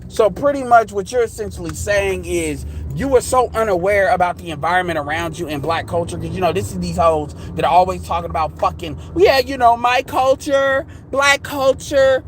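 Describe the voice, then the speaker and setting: High-voiced man ranting bluntly. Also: a little fast, hardly any pauses, slight background noise, poor audio. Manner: blunt, profane, heated; mimics others in quoted asides. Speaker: vlogger. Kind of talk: ranting monologue to viewers.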